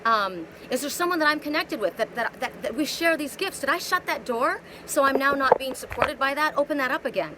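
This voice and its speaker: A woman's voice: sits high, lively intonation, fairly quick, hardly any pauses, very noisy. A woman giving a live spiritual oracle card reading on a phone, rambling, repeating words and asking many rhetorical questions.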